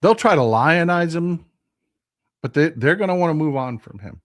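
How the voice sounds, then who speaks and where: A man with a Texan drawl delivers political commentary in a vlog, his somewhat high voice rising and falling with lively swings. He talks bluntly and passionately, swears freely, and hammers his points home by repeating phrases. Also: normal speed. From Texas. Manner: impassioned, blunt and profane, repeats phrases for emphasis. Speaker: host.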